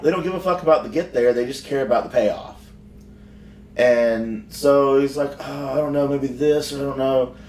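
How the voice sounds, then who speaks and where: Man at mid pitch, rambling profane podcast story, echoey room, mic far away. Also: darkish tone, slight background noise. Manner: rambling, profane, frequent restarts. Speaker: professional wrestler. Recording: roomy sound from far off.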